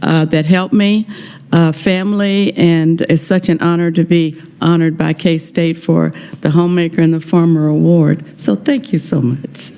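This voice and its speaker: Woman, honoree at a committee hearing, grateful, heartfelt, warm mellow voice. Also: deep voice, flat delivery, measured pace. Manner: heartfelt, grateful, a little emotional. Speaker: honoree testifying. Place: legislative hearing room.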